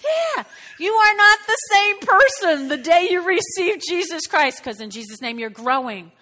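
A woman pastor preaching a sermon and leading prayer, animated and exuberant with sudden exclamations. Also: very high-pitched, normal speed.

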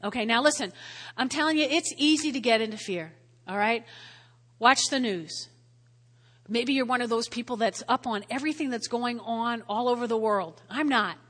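Woman pastor, high-pitched and bright, conversational sermon with frequent "all right?" check-ins, long reverb. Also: moderate pace. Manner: repeats key phrases for emphasis. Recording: long reverb of a large hall.

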